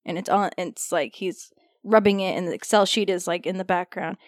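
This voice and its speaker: A woman's voice: fairly low pitch, fairly even intonation, normal speed, dry recording, clean studio sound. A woman co-hosting a casual podcast, telling a funny work story with animation and laughter. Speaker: podcast co-host.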